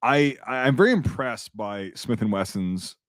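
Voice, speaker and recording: A man talking in a loose, meandering way, swearing freely and often restarting his sentences. His voice sits at an ordinary middle pitch. The sound is dry and close, with no room around it. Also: moderate pace, dry recording. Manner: rambling, profane, many restarts and fillers. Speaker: podcast host. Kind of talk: casual chat.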